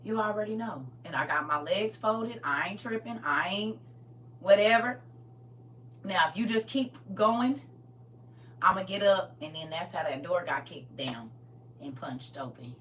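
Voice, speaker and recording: A woman giving an impassioned testimony, swinging between shouting and low intense talk with lots of emphatic repetition. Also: unhurried, recorded from a distance, slight background noise.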